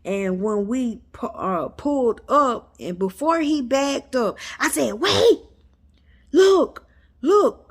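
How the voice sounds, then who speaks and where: A woman's voice: on the high side, lively intonation, slow pace, few pauses. A woman vlogger telling a story to her viewers in a chatty, emphatic way, calling them y'all. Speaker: metaphysics vlogger.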